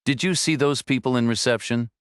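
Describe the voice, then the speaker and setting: A man's voice: mid-range voice, brisk, clean tone, no room sound, clean studio sound, voice pushed up, lightly acted. A man doing an earnest young woman lawyer. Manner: earnest, persistent questioning.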